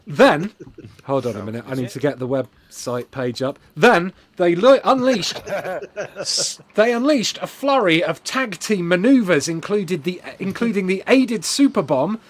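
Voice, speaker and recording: A young man with an English accent spins a ridiculous anecdote for his stream, dropping into low, quiet muttering one moment and shouting loudly the next. His voice sits a bit above the usual for a man. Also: expressive, measured pace. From England. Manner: swings from low mumbling to loud shouted outbursts. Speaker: streamer host. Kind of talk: comic storytelling.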